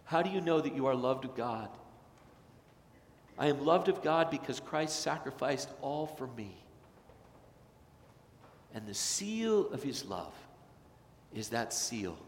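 A male pastor preaching a sermon, rising to loud emphatic peaks and dropping to hushed, slow phrases. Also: medium pitch, sing-song, reverberant, in a large hall, slight background noise. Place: church sanctuary.

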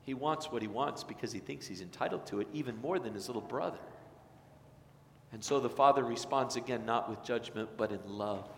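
A male pastor preaches with earnest, tender warmth at an ordinary mid pitch. His voice carries through a church sanctuary with a long, roomy reverb and a faint background hum. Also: fairly quick, gravelly. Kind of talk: sermon. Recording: echoey church hall, faint noise.

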